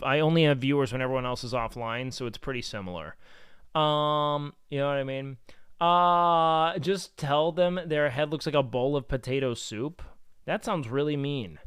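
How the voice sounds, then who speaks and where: A male streamer talks casually to his chat, rambling through fillers and growing animated as he rants. His voice sits a little high and sounds smooth. The sound is dry and close. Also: no echo. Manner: rambling, heavy with fillers like "like" and "you know"; worked-up and animated when ranting.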